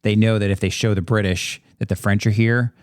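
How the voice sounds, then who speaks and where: A man's voice: lowish voice, steady tone, a little fast, no echo, clean studio sound. A man co-hosting a history podcast, chatting about a film in a conversational, enthusiastic way. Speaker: podcast co-host. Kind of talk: casual history discussion.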